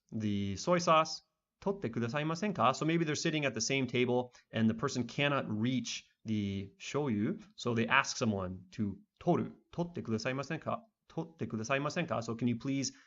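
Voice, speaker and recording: A man teaching a beginner language lesson online in a relaxed, conversational way with lots of fillers. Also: mid-range voice, highs cut off.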